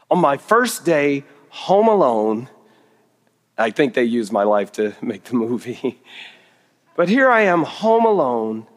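A middle-aged man with a slightly high, fairly bright voice gives a storytelling sermon full of humor and self-mockery. The recording carries the reverberation of a hall.

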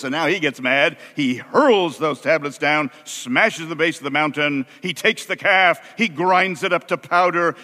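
A man preaching a sermon as an animated, humorous storyteller with a conversational delivery. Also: on the high side, in a large hall.

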